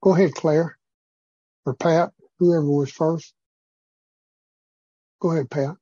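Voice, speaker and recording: Mellow, husky man leading a church group. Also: on the high side, steady tone, takes it slowly, no room sound, lo-fi sound. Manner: rambling, preacherly, with many fillers. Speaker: group leader. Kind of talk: informal church group teaching.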